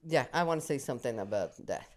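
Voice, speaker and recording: A low-pitched older woman, Spanish her first language, talks with her grown children. Her voice swoops up and down as she tells emotional stories. She laughs often as she speaks. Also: expressive, fast. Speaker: mother and actress guest. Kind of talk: casual family podcast chat.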